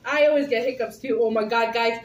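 A woman's voice: fairly high pitch, a little fast. Giggly chatty woman vlogging. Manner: chatty, giggly, talks to viewers. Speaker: vlog host. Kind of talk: casual food-tasting vlog chat. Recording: echoey room with faint hiss.

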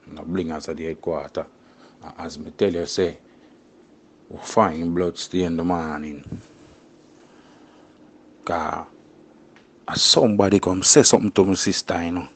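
A man's voice: deep voice, husky. A young Jamaican man speaking in patois in a casual interview, tagging his phrases with "you see me" and "you know".

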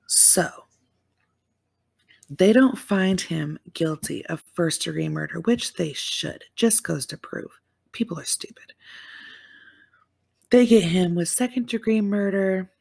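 Slow-talking breathy woman recapping a case. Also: lowish voice. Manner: animated, exclamatory, slangy. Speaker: true-crime show reviewer. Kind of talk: casual recap chat.

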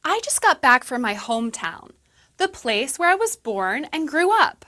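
A friendly English teacher, played by a woman in a scripted lesson video. She speaks slowly and clearly, with a high, bright voice. Her pitch swings a lot as she explains. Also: very animated, exaggerated voice. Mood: cheerful. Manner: slow, clear teaching delivery. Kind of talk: scripted educational dialogue.

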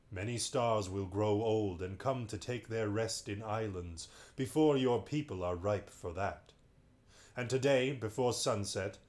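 A man reading a bedtime story aloud, voicing a great wise lion in a calm, solemn, measured way. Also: fairly low pitch, lightly acted.

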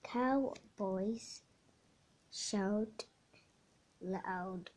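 A woman's voice: mid-range voice, extremely slow, a little mellow. A young girl reads a children's picture book aloud at a crawl, word by word. She trips over words, restarts and corrects herself, and now and then drops to a whisper before her voice picks up again.

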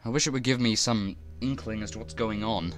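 A man's voice: on the low side, fairly quick. A man commentating a horror game he is playing, jittery and swearing often as he talks to himself. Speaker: let's player.

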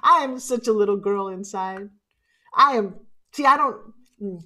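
A middle-aged woman giving a live motivational keynote, animated and emotional, swinging from loud exclamations to hushed asides. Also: medium pitch, a little slow. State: tearful at times. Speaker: motivational speaker.

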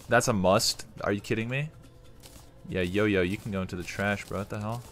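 A young man casually commenting while playing a game, swearing often and breaking into excited outbursts. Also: on the low side, a little fast. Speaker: gaming streamer. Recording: music bed behind voice. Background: soft game music.

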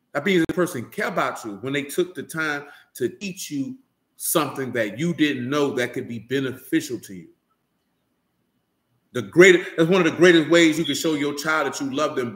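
This time the preacher's voice is on the high side and a bit bright, with reverb around it. He preaches loosely and conversationally, speaking directly to listeners and repeatedly asking "you know what I'm saying."

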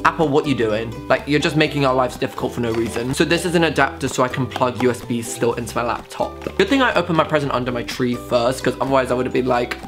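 A man's voice: mid-range voice, fast talker, few pauses. Camp, sassy young man. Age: young adult. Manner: camp, sassy, very expressive with squeals and asides. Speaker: vlogger. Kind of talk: casual haul vlog. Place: bedroom with studio light. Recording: music playing behind the voice.

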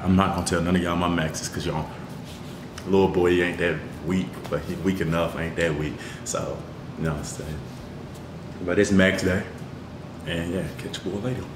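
A man's voice: low voice, fairly even intonation, moderate pace, long pauses. Young man, laid-back rambling chat, handheld phone, roomy echo. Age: young adult. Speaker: college student vlogger. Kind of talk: casual vlog chat. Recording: echoey phone audio with loud background noise.

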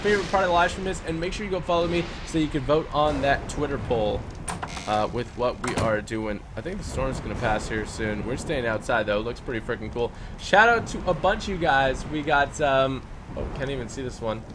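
A young man hosting a game live stream, chatting casually and giving quick, upbeat shout-outs with some stumbles. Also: mid-range voice, background noise. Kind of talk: casual live-stream chat, reading out super chats.

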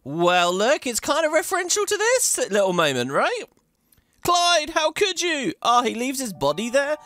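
A man's voice: very high-pitched, very animated, normal speed, sharp tone. A man hosting a video game playthrough, chatting away and thinking aloud as he plays, laughing often. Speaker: let's play host.

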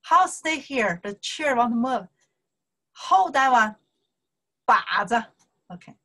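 A woman's voice: fairly high pitch, fairly bright tone. A woman teaching a Chinese lesson in broken English mixed with Mandarin, patiently repeating points and checking with "okay?". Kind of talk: online language lesson.

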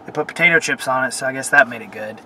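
A man's voice: medium pitch, rapid-fire, pushed and bright, slight background noise, low-quality recording. A young man venting in a casual vlog, cursing often and rambling with fillers while he sits in his car. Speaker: vlogger. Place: in a car at a car wash.

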